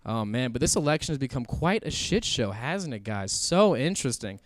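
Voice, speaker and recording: A man's voice: mid-range voice, a little fast, no echo, clean studio sound. A young man from Kansas City doing a crude stand-up comedy set on stage before a live audience. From Kansas City, USA. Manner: crude, animated storytelling.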